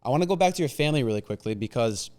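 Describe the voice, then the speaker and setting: A man hosting an interview, asking quick, encouraging questions. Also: mid-range voice, lively intonation, a little mellow. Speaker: podcast host, interviewer. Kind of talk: casual interview chat.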